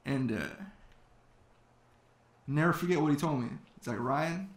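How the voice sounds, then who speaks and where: A man's voice: on the high side, animated, takes it slowly. A man telling a personal story to an audience, acting out quoted talk in his own voice, with fillers. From California. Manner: quoting others in his own voice, with many fillers. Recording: echoey hall.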